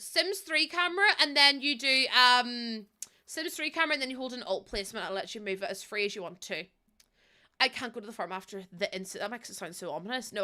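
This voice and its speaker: A woman's voice: mid-range voice, pushed and bright. A young woman, chatting casually and rambling with lots of fillers and giggles while she livestreams a building game. She is heavily pregnant.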